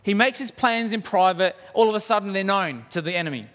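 Man, preacher, high-pitched, lively rhetorical sermon, echoing church hall. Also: a little fast. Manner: animated storytelling, rhetorical questions. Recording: long hall reverb.

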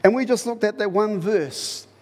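A man preaching a sermon in a lively, conversational way, repeating phrases for emphasis. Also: sits high, moderate pace, big-room sound. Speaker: pastor.

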